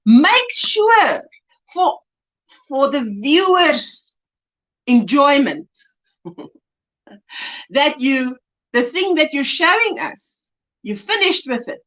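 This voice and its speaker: Chatty South African woman, high lively voice. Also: dull audio. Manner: chatty, laughs often, reads viewer comments aloud. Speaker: livestream host. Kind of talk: casual livestream chat reading comments.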